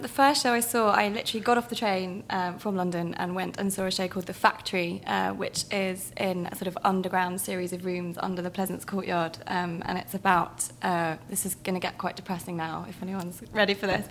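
A woman's voice: medium pitch, fairly even intonation, brisk, hardly any pauses, fairly bright tone, a little hiss or hum. A woman journalist guest on a stage chat, talking casually with many hesitations. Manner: chatty, hesitant with many ums. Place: theatre stage.

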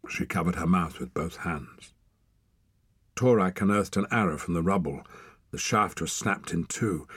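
A man narrating an audiobook in a dramatic, expressive way, sometimes dropping to a hush. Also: sits low, measured pace, husky, no echo. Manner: dramatic, expressive, hushed at times.

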